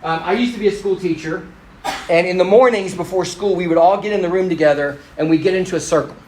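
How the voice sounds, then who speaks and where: A middle-aged man with a fairly high voice preaching in a relaxed, talkative way. He tells stories and turns to speak right to the congregation, often laughing at himself. A faint hiss sits under the voice. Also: fast talker, echoey room, poor audio. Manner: conversational and self-deprecating, addresses the crowd directly. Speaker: pastor. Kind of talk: storytelling sermon to a congregation.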